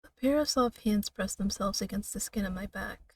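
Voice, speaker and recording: A woman streamer reading a narrative game aloud in a slow, dramatic way, now and then breaking off with laughs and asides. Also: medium pitch, darkish tone, husky, far from the mic.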